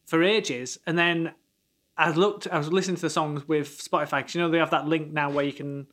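Chatty man, higher voice. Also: steady tone, fairly quick, a bit bright. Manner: chatty, rambling, laughs often. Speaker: podcast co-host. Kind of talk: casual chat.

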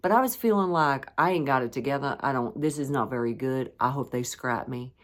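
A woman hosting her own podcast in a casual solo chat, playful and self-teasing, with bursts of animated emphasis. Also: very deep voice, fairly quick. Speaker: podcast host.

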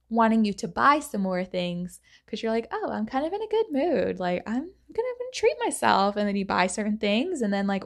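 Woman, young adult, solo podcast host. Chatty and rambling with many fillers, acts out quotes animatedly, mid pitch. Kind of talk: casual solo podcast talk.

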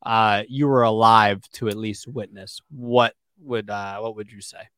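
A man's voice: lowish voice, unhurried, clear, resonant tone, dry recording. A man in his twenties co-hosting a sports podcast, chatting casually and telling stories with many fillers. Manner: relaxed, storytelling with fillers. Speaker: podcast co-host.

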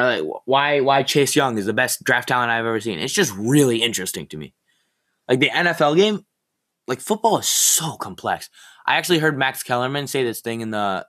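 A man's voice: mid-range voice, fairly bright tone. A teenage boy hosting a casual solo podcast, ranting in a rambling, sarcastic, easily exasperated way. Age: teen. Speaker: podcast host.

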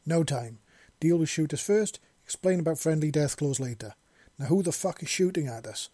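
A man voicing a blunt, calm soldier in power armour who speaks in clipped commands. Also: mid-range voice, moderate pace, dry recording, natural voice. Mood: commanding.

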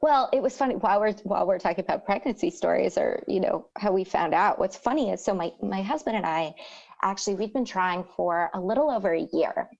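A woman's voice: medium pitch, a little fast, creaky, dull audio. A woman in her thirties from Texas, chatting casually and acting out quotes as she tells a story. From Texas, Rio Grande Valley. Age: 30s. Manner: animated storyteller, acts out quotes. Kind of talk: casual chat.

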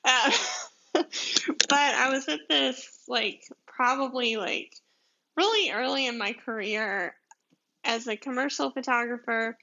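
A podcast host from deep South Georgia in the USA talks in a casual, rambling monologue with a Southern Georgia accent, full of ums and frequent laughter. Her voice is fairly high, slow and gravelly with a sharp tone and long pauses, and the highs are cut off.

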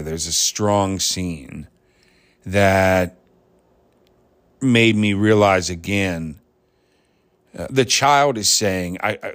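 Man, low voice, casual monologue, reflective, lots of ums and restarts. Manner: rambling, hesitant, with many fillers and restarts; reflective, grows more animated on points.

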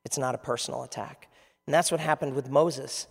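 A man's voice: mid-range voice, fairly even intonation, brisk, gravelly, breathy edge. A man preaching a conversational sermon as pastor, asking the audience questions. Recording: long reverb of a large hall.

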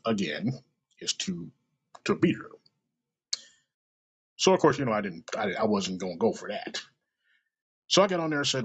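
A man's voice: on the low side, fairly bright tone, husky. A man hosting a solo podcast, rambling and swearing freely with self-mocking asides. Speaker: podcast host. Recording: dull lo-fi recording.

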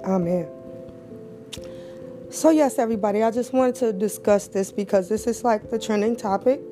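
A middle-aged woman talks on her podcast in a heartfelt, preacher-like way, repeating phrases as she prays. She sounds close to tears throughout. Her voice sits a bit high yet soft and warm, with faint music playing underneath. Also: brisk. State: emotional, near tears. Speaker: podcast host. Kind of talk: emotional podcast monologue with prayer.

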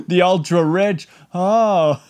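Man, casual comedic rant, slightly high voice, unhurried delivery, frequent laughter. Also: a little mellow, smooth. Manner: rambling, laughs often, mock-outraged asides.

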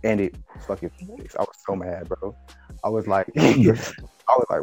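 A man's voice: mid-range voice, moderate pace, vocal fry, mellow, no room sound, faint music behind. A young man telling a story in casual, slangy chat, laughing often and acting out both sides of the talk. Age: young adult. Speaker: podcast co-host.

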